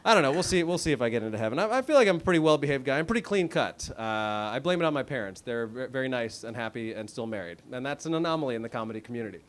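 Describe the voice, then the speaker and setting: A man's voice: mid-range voice, expressive, rapid-fire, few pauses. A man in his thirties performing a stand-up set on a comedy club stage, with a wry, self-deprecating, conversational delivery. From United States. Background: audience laughter.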